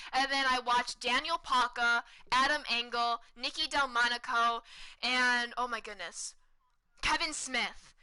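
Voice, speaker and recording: Bright excited young woman streamer. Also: on the high side, clean tone, poor audio. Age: 20s. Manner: excited, chatty, repeats words for emphasis. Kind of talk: casual storytelling to stream chat.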